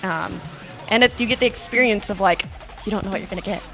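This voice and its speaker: A woman's voice: mid-range voice, quick pace, fairly bright tone, soft background music. A woman guest talking casually in a studio interview, bubbly and giggly, with many ums. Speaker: guest, figure collector and cosplayer.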